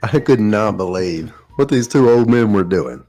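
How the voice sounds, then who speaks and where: Man, Southern drawl, low voice, rambling folksy podcast host, casual storytelling. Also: lively intonation, normal speed, warm tone, soft background music. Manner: folksy, rambling, laughs at his own stories.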